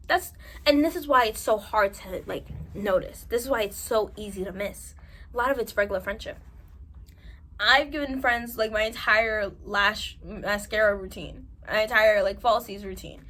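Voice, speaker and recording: A woman's voice: medium pitch, pushed and bright. A woman with a New York accent giving candid, emphatic advice straight to camera and repeating her points for stress. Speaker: advice vlogger.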